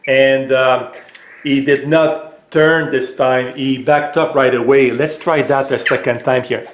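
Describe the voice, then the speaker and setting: A man with a French accent, casually demonstrating a gadget at home, hesitant with many filler pauses. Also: mid-range voice, fairly even intonation, roomy sound. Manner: raises voice for voice commands. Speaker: tech reviewer. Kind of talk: casual product demo. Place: home room.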